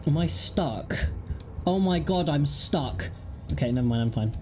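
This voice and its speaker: A woman talking through a horror game in casual let's-play commentary. Her voice is low for a woman, but it leaps around in pitch as she reacts, and she takes her time between remarks. She jokes at her own expense, with a faint hum of game ambience behind her. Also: unhurried, soft background music. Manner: jokey, expressive reactions, self-mocking. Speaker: gaming host.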